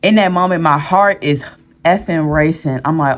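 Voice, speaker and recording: A woman's voice: sits low, normal speed, a bit bright. A woman telling a true story to the camera in a candid, rambling way, with fillers and restarts. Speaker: storyteller vlogger. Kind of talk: storytime vlog.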